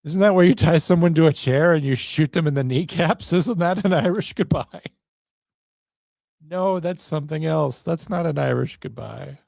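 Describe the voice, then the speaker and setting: Gravelly, self-mocking male podcast host. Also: fairly high pitch, moderate pace, few pauses, darkish tone, no echo, clean studio sound. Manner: self-deprecating, wry and meandering. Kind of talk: rambling solo podcast monologue.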